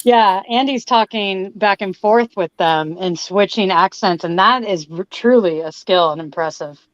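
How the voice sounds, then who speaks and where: A woman's voice: mid-range voice, unhurried, no room sound, dull audio. A woman in a casual group chat, asking curious questions.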